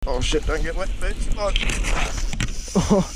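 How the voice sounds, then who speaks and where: A young Australian man vlogging while fishing at a lagoon shore, excitable and quick to laugh, talking to the camera as he lands a fish. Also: high-pitched, heavy background noise. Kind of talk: casual chat while fishing.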